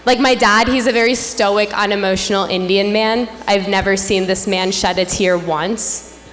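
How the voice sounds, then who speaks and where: A woman's voice: mid-range voice, normal speed, slight background noise. A young woman in her twenties emceeing a gala with a playful, self-mocking stand-up comedy set on a stage mic. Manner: animated punchline delivery, playful and self-mocking. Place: stage at a large gala hall. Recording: echoey hall, faint room ambience.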